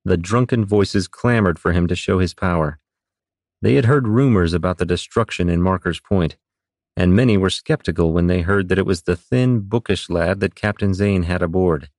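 A man narrating a fantasy audiobook with a very deep voice. His reading is steady and even, and the sound is dry and close, with no room echo. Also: normal speed. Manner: steady, even storytelling delivery.

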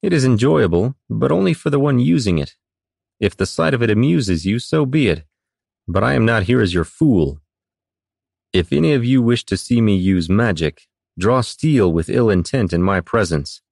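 A man voicing a bookish young wizard who speaks in stiff, old-fashioned, formal phrases. His low voice carries a proud, measured tone and sounds dry and close, in a fantasy storybook reading. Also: animated, gravelly, a little mellow, breathy edge, dry recording, heavily acted. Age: young adult.

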